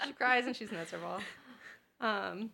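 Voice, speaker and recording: A woman's voice: medium pitch, normal speed, gravelly, pushed and bright. A woman co-hosting a casual podcast, recapping a book chapter and laughing often. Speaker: podcast co-host. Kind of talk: casual chat with summary reading.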